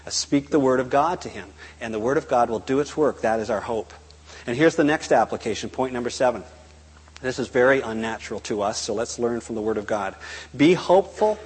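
Male preacher, husky voice, animated delivery with acted-out dialogue; reverberant hall sound. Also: medium pitch. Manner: animated, acts out dialogue in quotes. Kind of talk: sermon.

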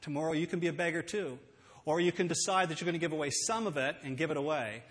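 A man preaching a sermon, earnest and emphatic, slowing down to read scripture aloud. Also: on the high side, fairly bright tone. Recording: long hall reverb.

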